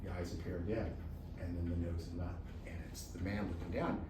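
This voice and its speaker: A man telling a folk tale to an audience in a lively, expressive way, with slow, dramatic pauses. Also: sits low, very noisy. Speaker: volunteer storyteller. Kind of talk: animated storytelling to an audience. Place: luncheon hall. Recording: roomy distant room mic, faint ambience.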